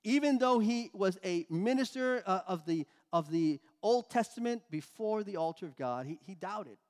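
A man with a notably high voice preaching a sermon. He explains scripture with emphasis, stopping to restart his phrases. A long hall reverb trails behind his words. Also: expressive, moderate pace.

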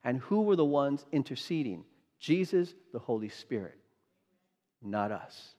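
A man's voice: medium pitch, big pitch swings, measured pace, dark tone. A male pastor preaching a sermon, emphatic, quizzing the congregation with rhetorical questions. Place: church sanctuary. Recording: long hall reverb.

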